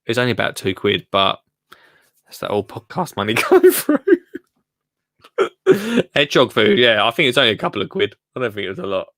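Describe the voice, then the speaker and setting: Reading viewer comments live from his Essex home, the young gardening host chats, rambles and pokes fun at himself, filling gaps with fillers. His voice sits lowish with big pitch swings, brisk with frequent pauses and a bit bright, recorded dry at studio quality.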